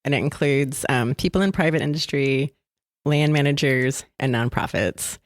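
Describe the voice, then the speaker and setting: A woman's voice: very deep voice, normal speed. A woman guest-hosting a podcast in casual chat at a conference happy hour, giggly and self-deprecating. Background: drinks and chatter.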